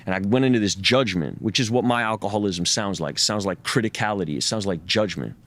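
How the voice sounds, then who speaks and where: A man's voice: lowish voice, fairly bright tone. A man telling a candid personal story in an interview, swearing freely, stumbling over repeated words and acting out what others said. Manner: profane, halting, repeats words, acts out quoted speech. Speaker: interview guest.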